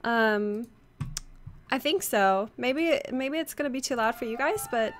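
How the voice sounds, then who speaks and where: A woman's voice: on the high side, expressive, moderate pace, faint music behind. A young woman streaming a game and chatting with viewers, her voice strained from screaming the day before, full of fillers as she greets people by name. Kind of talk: casual chat with viewers. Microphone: headset.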